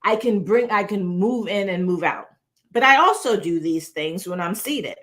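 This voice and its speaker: A woman presenting a casual video lesson on speaking, talking in an animated, conversational way and often asking "right?". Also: medium pitch, moderate pace. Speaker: presentation coach. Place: indoor room, moving between standing and seated. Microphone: on-camera recording.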